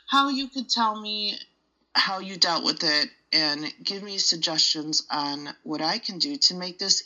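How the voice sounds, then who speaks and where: An earnest woman asks politely for advice, and her voice sounds very bright and sharp. The recording has a dull, lo-fi quality. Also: on the low side. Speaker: caller asking for advice. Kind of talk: recorded question.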